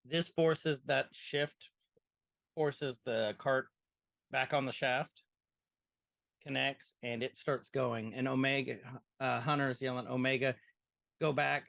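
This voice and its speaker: A man's voice: mid-range voice, fairly even intonation, takes it slowly, gravelly, pauses often, a bit bright, no echo. A man co-hosting a podcast, retelling a cartoon episode scene by scene and acting out the characters' lines in casual chat. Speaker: podcast co-host. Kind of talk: casual chat recapping a show.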